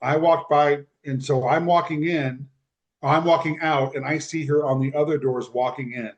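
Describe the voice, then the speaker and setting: A man's voice: fairly high pitch, moderate pace. A man telling a personal story on a podcast, acting out the voices of the people in it. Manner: animated storyteller who acts out quoted speech. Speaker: podcast guest. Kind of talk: storytelling in casual conversation.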